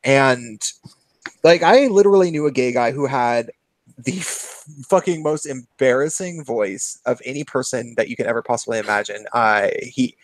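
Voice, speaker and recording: A man with a Californian Valley Girl accent rambles through a casual chat, his sentences lilting upward and strung together with "like". His voice sits at an ordinary middle pitch, and it is recorded dry and close, with little room sound. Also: moderate pace, dry recording. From Seattle. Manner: rambling, sentences trailing up, frequent "like". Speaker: podcast co-host.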